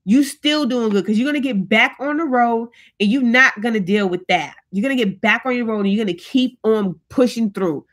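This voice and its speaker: A woman speaking talks straight to her viewers in a casual live stream. She keeps encouraging them and preaches a little as she goes. Her voice sits a touch high, and she keeps checking in with "you know what I'm saying". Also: normal speed, few pauses, a bit bright. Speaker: channel host.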